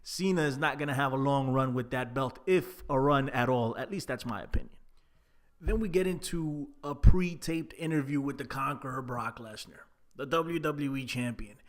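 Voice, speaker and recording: Male wrestling reviewer, mid-pitch, relaxed and chatty, loose filler-heavy delivery. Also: moderate pace. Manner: chatty, laid-back, frequent fillers. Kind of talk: casual solo recap.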